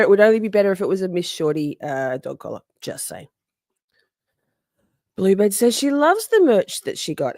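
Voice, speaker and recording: A woman's voice: lowish voice, a little mellow, no echo, studio quality. A woman hosting a casual livestream, chatty and sassy, reading out viewer comments, answering them, laughing often and swearing freely. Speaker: livestream host.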